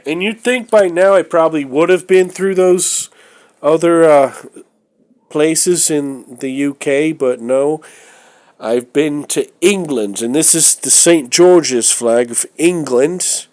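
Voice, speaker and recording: A man's voice: on the high side, takes it slowly, darkish tone. A man from the United States with a stuffy nose from a cold, showing things off in a casual vlog. He talks in a rambling, hesitant, opinionated way with many fillers. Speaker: vlogger. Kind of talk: casual show-and-tell vlog.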